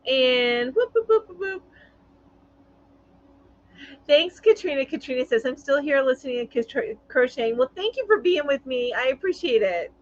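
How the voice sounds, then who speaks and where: A woman's voice: high voice, expressive, normal speed, hardly any pauses, dry recording. Woman, live-stream host, casual chat, reads comments aloud, lots of ums, muffled lo-fi audio. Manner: chatty, reads viewer comments aloud with frequent fillers.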